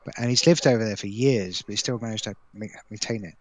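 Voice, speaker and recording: A man's voice: lowish voice, dry recording, low-quality recording. A man talks in loose, rambling chat. He often stops and starts his sentences and circles back on his points. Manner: rambling, halting, many restarts. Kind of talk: casual chat.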